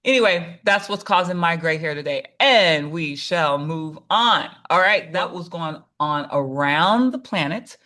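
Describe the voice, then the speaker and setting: A woman in her fifties hosts a casual talk podcast. Her tone is bright and lively, and she tells stories by slipping into quoted voices. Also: fairly low pitch. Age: 50s. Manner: animated storytelling with quoted voices. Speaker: podcast host. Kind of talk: casual chat.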